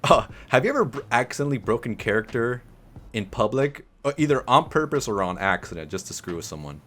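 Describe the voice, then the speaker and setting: Fast-talking male podcast host. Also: medium pitch, sing-song, fairly bright tone, slight background noise. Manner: quick, hesitant, filler-heavy. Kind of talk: casual podcast chat.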